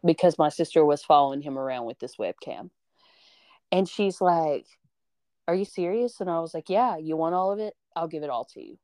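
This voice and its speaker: A young woman tells a high school story on her podcast with lively, animated energy, putting on the voices of the people she quotes. Her voice sits on the low side and is smooth and clear, recorded dry and close to the mic. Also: moderate pace, no room sound. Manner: animated, acts out quoted voices, swears freely. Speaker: podcast host. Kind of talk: casual storytelling chat.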